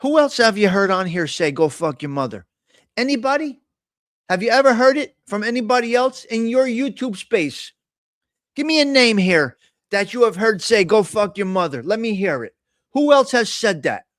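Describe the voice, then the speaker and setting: A man's voice: sits high, lively intonation, moderate pace, a bit bright, no echo, clean studio sound. A man hosting a casual live stream, talking bluntly with a lot of profane trash talk. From Italian American. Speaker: host.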